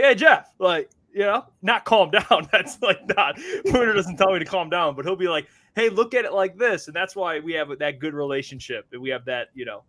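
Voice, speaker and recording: A man, hosting a sports show, loose and profane and quick to laugh. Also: high-pitched, sharp tone. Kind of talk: casual sports show chat.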